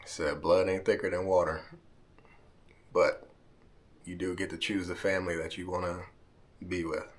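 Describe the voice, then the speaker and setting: A man's voice: sits low, level tone, moderate pace, long pauses. A man vlogging straight to camera, talking heartfelt and emotional to his friends, near tears and often tagging lines with "man". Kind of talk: emotional direct-to-camera vlog.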